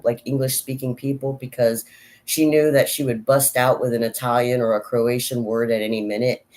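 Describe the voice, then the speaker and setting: A woman's voice: rumbling low, a little mellow. Rambling, giggly woman chatting. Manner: rambling, laughs often, frank. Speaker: vlogger. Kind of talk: casual personal chat.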